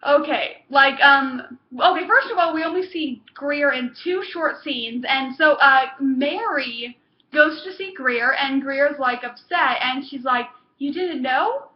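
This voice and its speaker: A woman's voice: high voice, a little slow. A young woman giving a casual, gushing review of a TV episode, full of fillers and exclamations. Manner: gushing, excitable, lots of fillers. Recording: echoey room, dull lo-fi sound.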